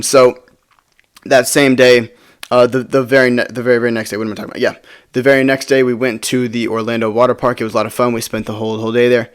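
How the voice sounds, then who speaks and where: A man's voice: medium pitch, fast. Rambling young man telling a story. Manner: rambling, with frequent stumbles and restarts. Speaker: storytime video creator. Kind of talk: casual storytelling.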